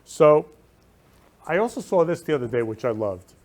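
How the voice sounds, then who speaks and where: A male host talks from his room in a fairly high voice that swings widely up and down. He is effusive and leans hard on his words, repeating the same warm phrases again and again. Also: very animated, normal speed. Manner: effusive, repeats loving phrases with emphatic stress. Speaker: show host. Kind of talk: casual talk show monologue.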